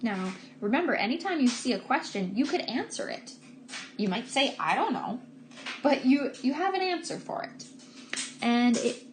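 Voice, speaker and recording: Lively, expressive woman teaching first graders. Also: high-pitched, background noise. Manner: patient, slow and emphatic on key words. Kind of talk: recorded remote grammar lesson for young children.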